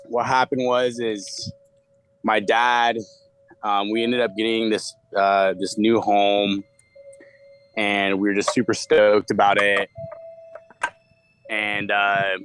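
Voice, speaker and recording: Rambling young man, low voice. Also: little pitch movement, slow, long pauses, a bit bright, slight background noise. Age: 20s. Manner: rambling, filler-heavy, swears freely. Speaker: guest storyteller. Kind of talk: casual spoken ghost story. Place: studio.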